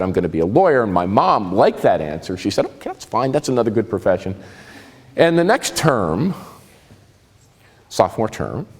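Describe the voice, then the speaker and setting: A man in his sixties from New Jersey with a New Jersey accent, telling personal stories in a lively, conversational and self-mocking way. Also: mid-range voice, in a large hall. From New Jersey, USA. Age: 60s. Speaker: speaker giving a talk. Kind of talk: personal storytelling talk.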